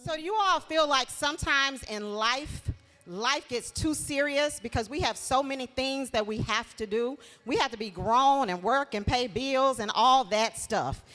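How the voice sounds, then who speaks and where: A woman's voice: sits high, unhurried. A woman from Shreveport hosting a live event, sharing her testimony and rallying the crowd. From Shreveport, Louisiana. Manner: warm preachy testimony, rallies the crowd. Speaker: show host. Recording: long hall reverb.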